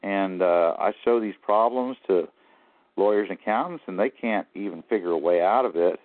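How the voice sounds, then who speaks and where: A low-pitched man speaking at normal speed tells his story as a phone-in interview guest, rambling and sounding aggrieved. The phone line is tinny, with no room sound.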